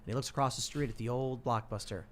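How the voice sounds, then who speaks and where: A man hosting a casual talk show, telling comic stories in an animated way and repeating words as he cuts in. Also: medium pitch, rapid-fire. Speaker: podcast host. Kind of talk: casual chat and comic storytelling.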